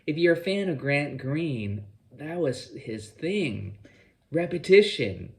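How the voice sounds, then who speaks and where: Over loud guitar playing, a guitar teacher explains phrasing in his lesson and scat-sings the rhythms he means. His voice is fairly high and creaky with vocal fry, very animated, and slow-paced.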